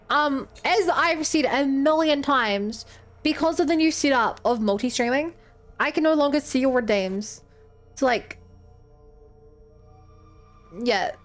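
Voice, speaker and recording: A woman's voice: sits high, animated, takes it slowly, long pauses, faint music behind. A woman streamer chatting casually and rambling as she plays a game. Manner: chatty, rambling, laughs easily. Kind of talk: casual live-stream commentary.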